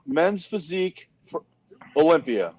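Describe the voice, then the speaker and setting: A man hosting a casual chat, telling animated, profane stories and acting out what others said. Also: on the high side, a little slow, dull audio. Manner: animated storyteller, profane, acts out other people's lines. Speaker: host.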